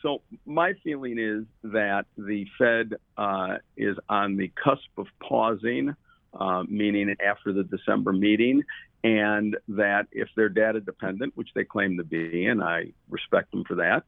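A man's voice: lowish voice, unhurried, gravelly, dry recording. A man speaking as a guest in an interview, rambling with many fillers and restarts. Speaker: guest commodities trader. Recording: tinny phone line.

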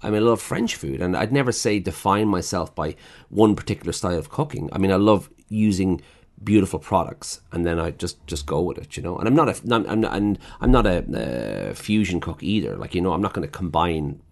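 A chef and restaurant owner with a low, gravelly, slightly mellow voice tells blunt, profane stories about his customers in casual conversation. He's animated and brisk, swearing freely and acting out the customers' lines himself.

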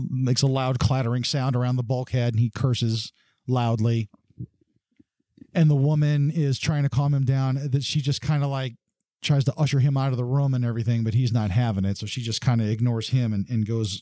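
A man's voice: medium pitch, dark tone, no echo, studio quality. Rambling man running a tabletop game. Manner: loose, rambling narration with many fillers. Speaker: game master.

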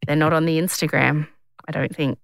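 Australian woman in her 30s, podcast host, rambling casual storytelling, crisp voice, dry close sound. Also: sits low, level tone, a little fast, no room sound. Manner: chatty, rambling, lots of filler words.

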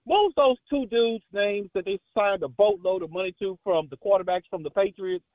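Excited male caller on a tinny phone line, fairly high voice, dry sound. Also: a little fast, no room sound. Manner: casual, excited, uses fillers. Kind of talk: call-in to a sports radio show.

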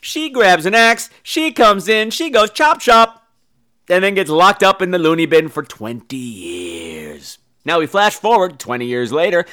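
A man's voice: a little high, moderate pace, hardly any pauses. A middle-aged man giving a campy, comedic movie recap as a podcast host, mocking the characters as he goes. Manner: campy, animated, puts on mocking voices for characters.

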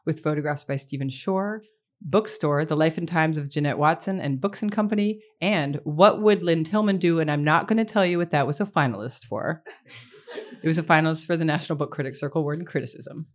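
A woman's voice: deep voice, a little fast. A woman hosting a bookstore reading, introducing the author with playful, self-deprecating banter. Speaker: event host introducing an author.

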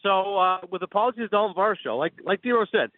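Lively broadcaster on a tinny phone line. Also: male voice, high voice, no echo. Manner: enthusiastic, rapid storytelling. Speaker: sports broadcaster guest. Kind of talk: call-in radio interview.

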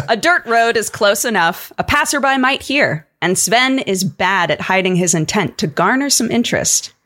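A woman's voice: medium pitch, animated, normal speed, hardly any pauses, fairly bright tone. A woman guest on a podcast, narrating a story in a dramatic, playful way.

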